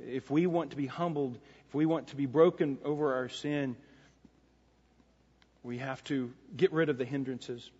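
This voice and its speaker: A man's voice: mid-range voice, fairly even intonation, moderate pace, pauses often, a little mellow, breathy edge. A man preaching a sermon as pastor, earnest and repeating phrases for emphasis. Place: church sanctuary. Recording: lo-fi church recording with long reverb.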